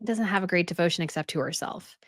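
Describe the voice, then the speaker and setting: एक महिला होस्ट, जो व्यंग्य भरे और तीखे लहजे में एक वीडियो पर टिप्पणी करती है।. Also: female voice, fairly low pitch, fast talker, fairly bright tone, no echo, clean studio sound. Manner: sarcastic, scornful running critique. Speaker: commentary channel host. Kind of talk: reaction commentary.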